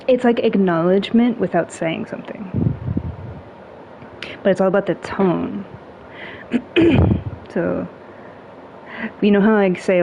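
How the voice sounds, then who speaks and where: A woman in a casual chat, talking in a relaxed, chatty way with many "like"s and little humming sounds. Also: mid-range voice, vocal fry. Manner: relaxed, chatty, heavy use of "like" and hums; playful with tone, acting out little sounds. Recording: dull lo-fi sound with faint noise.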